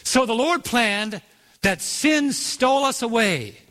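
A man preaching a sermon, telling a story and then building to emphatic points with dramatic slow-downs. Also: extremely high pitch, animated, sharp tone, big-room sound. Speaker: pastor.

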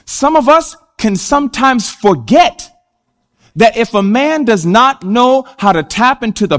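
A man preaching a sermon, animated and speaking directly to the congregation. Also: high-pitched.

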